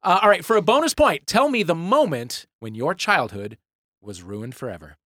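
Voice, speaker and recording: Middle-aged male host for a comedy panel; wry, animated delivery, raised pitch. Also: normal speed, no echo, studio quality. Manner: wry, expressive hosting. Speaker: quiz host.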